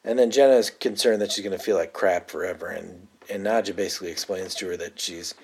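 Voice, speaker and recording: A man's voice: low voice, quick pace, darkish tone, slight background noise. A man co-hosting a podcast, casually recapping a TV episode and quoting the characters' lines in a raised voice. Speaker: podcast co-host.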